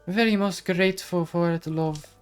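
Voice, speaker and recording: A man's voice: high-pitched, steady tone, moderate pace, clean tone, soft background music, pitched above the performer's own voice, natural voice. A man voicing a bouncy, ancient female fairy in a put-on Irish accent, with dreamy, garbled, old-fashioned phrasing. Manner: lilting, garbled archaic phrasing.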